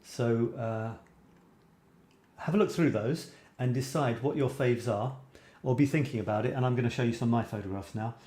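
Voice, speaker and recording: A man's voice: mid-range voice, moderate pace, warm tone. A man hosting a casual photography live stream, reading out viewer comments and musing aloud with fillers and restarts. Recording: roomy echo.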